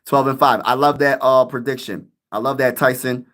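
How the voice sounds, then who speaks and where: A man's voice: mid-range voice, fairly even intonation, moderate pace, fairly bright tone. Hyped young man chatting on a live stream. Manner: hyped, rambling, laughs a lot, slangy. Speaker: sports YouTuber live-streaming, answering chat. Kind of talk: casual live-stream chat.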